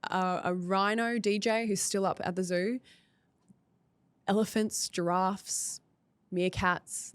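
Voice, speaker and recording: An Australian woman guesting on a podcast, telling her stories with animation and slipping into voices for the people she quotes. Her voice sits a little low, recorded close and dry with no room sound. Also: dry recording. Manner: animated storyteller, acts out quotes. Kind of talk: casual chat.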